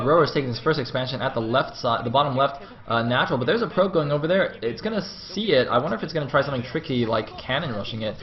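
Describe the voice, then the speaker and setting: A man giving live play-by-play commentary on a strategy game match, excitable and jumping up in pitch whenever the action heats up. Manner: excitable, voice jumps high at action. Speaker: esports commentator. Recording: dull lo-fi stream audio.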